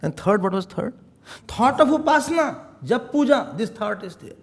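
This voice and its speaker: A man giving a spiritual sermon, animated and acting out little scenes as he teaches. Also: extremely high pitch, normal speed. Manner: animated, acts out little scenes, chuckles often. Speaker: swami giving spiritual talks.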